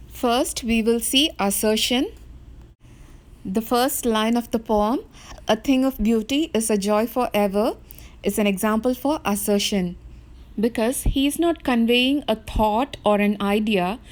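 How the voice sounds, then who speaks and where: A woman with an Indian English accent teaching a recorded English literature lesson in a careful, explanatory way. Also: on the high side. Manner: slow, careful explanatory delivery.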